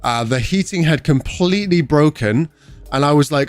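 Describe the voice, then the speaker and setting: A British man chatting casually with viewers during a gaming livestream, relaxed and swearing freely. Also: fairly high pitch, moderate pace.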